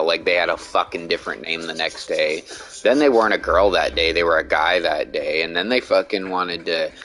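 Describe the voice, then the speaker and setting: A gaming streamer with a low, pushed, bright voice rants bluntly in casual talk while he plays, swearing a lot. The recording quality is rough.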